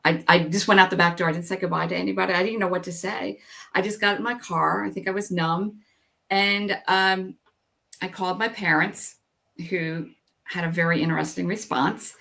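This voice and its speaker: Middle-aged woman guest, somewhat low pitch, lively storyteller who acts out quoted lines. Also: vocal fry. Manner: animated storytelling, acts out quoted dialogue, frequent "like". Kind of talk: casual storytelling interview.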